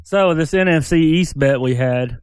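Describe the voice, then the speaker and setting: Laid-back man co-hosting, smooth and a bit high, dry close sound. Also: moderate pace, no echo. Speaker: podcast co-host. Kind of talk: casual chat.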